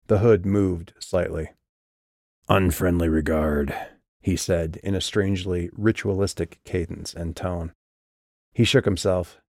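Deep-voiced male audiobook narrator. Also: vocal fry, dark tone, dry recording, studio quality.

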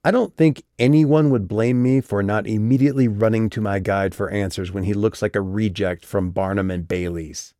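A man's voice: on the low side, normal speed, few pauses, no echo, clean studio sound, natural voice. A male audiobook reader voicing a tense, angry young woman who answers back with defensive sarcasm. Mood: sarcastic. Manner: defensive, sharp-tongued.

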